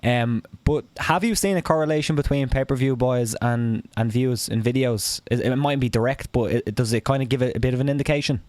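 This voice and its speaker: A man co-hosting a casual live-stream chat, asking questions in a halting way with fillers. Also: medium pitch, a little mellow. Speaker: MMA show co-host.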